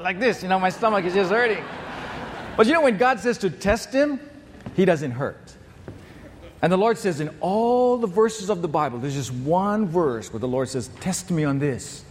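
Lively preacher, male, slightly high voice, big church reverb, faint background hiss. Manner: animated storytelling, acts out voices. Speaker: pastor. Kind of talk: sermon. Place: church hall. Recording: long hall reverb, faint noise.

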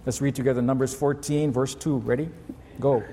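A man preaching a sermon as pastor, animated, acting out pleading voices with big leaps in pitch. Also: fairly quick, long reverb tail.

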